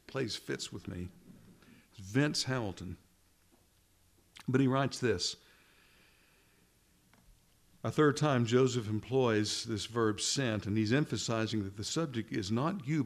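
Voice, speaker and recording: A man's voice: medium pitch, measured pace, gravelly, long pauses. Earnest male preacher, repeating phrases. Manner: earnest, rhetorical questions, repeats phrases for emphasis. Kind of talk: sermon.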